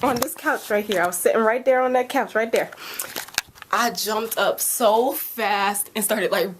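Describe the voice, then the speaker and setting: A young woman reviewing a show in a casual vlog at home, gushing and excitable, saying "like" constantly. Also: a little high, a little hiss or hum. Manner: gushing, excitable, heavy use of "like". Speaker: video reviewer. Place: at home by a couch.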